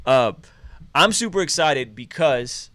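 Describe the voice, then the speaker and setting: A man in his thirties hosting a casual live stream chat, talking in a relaxed, rambling way and calling out viewers with energy. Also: mid-range voice, dry recording. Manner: relaxed, rambling, animated shout-outs. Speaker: host.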